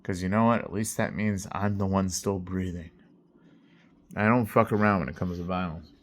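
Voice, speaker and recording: A low-pitched man with fairly even intonation talks at a moderate pace. A delivery driver telling a story in a casual vlog, he's intense and swears heavily, often checking in with "right?" and "you know".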